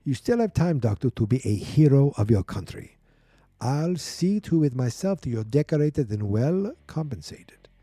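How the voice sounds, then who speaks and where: A man's voice: medium pitch, very animated, normal speed, dark tone, breathy edge, dry recording, voice pushed up. A man voicing a cold, commanding woman who runs a secret prison lab, with a silky, menacing delivery.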